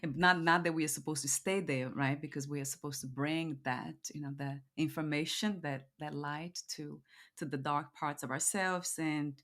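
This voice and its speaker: A woman hosting a podcast, speaking in a soft, musing way and often pausing to restart her thoughts as she reflects aloud. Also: low voice, fairly even intonation. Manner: soft-spoken, musing, trails off and restarts while thinking aloud. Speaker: podcast host. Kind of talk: reflective conversational interview.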